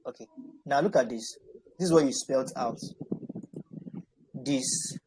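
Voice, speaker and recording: A man tutoring over a video call, patient and encouraging, breaking words into syllables slowly. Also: medium pitch, noisy background. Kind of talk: online spelling and pronunciation lesson.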